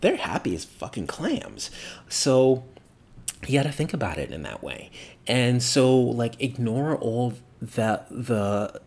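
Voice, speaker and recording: A man's voice: mid-range voice, very animated, takes it slowly, darkish tone. A man talking casually about his opinions, rambling, full of fillers and restarts, and swearing bluntly.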